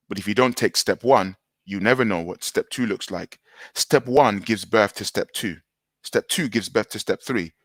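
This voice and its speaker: A man's voice: lowish voice, fairly bright tone, no echo, studio quality. A man giving a motivational talk, emphatic and repetitive, hammering home short phrases. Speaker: motivational speaker.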